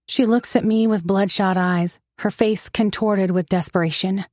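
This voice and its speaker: A woman narrating a first-person romance story with steady, wry storytelling. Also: lowish voice, normal speed, no room sound, studio quality.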